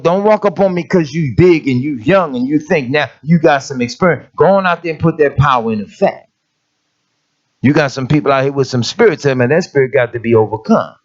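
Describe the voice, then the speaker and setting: A man's voice: a little high, lively intonation, a little fast. A middle-aged man preaching a conversational sermon as an elder, emphatic and plain-spoken, calling out to his listeners. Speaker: elder of an assembly. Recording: dull lo-fi sermon recording.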